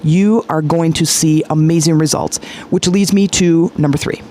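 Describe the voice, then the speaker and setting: A woman's voice: low-pitched, fairly even intonation, normal speed, dark tone, slight background noise. A woman hosting a podcast as a spiritual coach, teaching in a casual, chatty way, sometimes swearing and acting out her listeners' thoughts.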